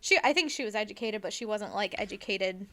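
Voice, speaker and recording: Speaking fairly quickly in a mid-range voice, this young woman co-hosts a podcast and spins a story through loose, filler-heavy chatter. She's animated and happily profane, often trailing off with a "like."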